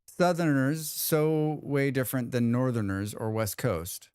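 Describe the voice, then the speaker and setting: A man's voice: mid-range voice, fairly even intonation, unhurried, a little mellow, clean tone, no echo, clean studio sound. A man hosting a livestream, chatting casually with viewers in a rambling, joking way with lots of restarts. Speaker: livestream host. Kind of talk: casual chat reading viewer comments.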